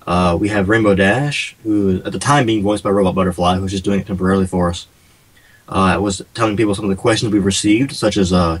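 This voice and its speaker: Low-voiced man chatting on a radio show. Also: fairly even intonation, fairly quick, husky, rough recording. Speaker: game developer guest. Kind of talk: casual radio interview.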